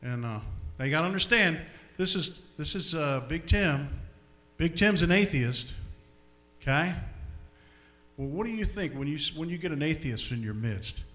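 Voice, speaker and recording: A man giving a storytelling testimony before an audience, animated and often repeating his words. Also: a little high, normal speed. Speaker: speaker giving a personal testimony.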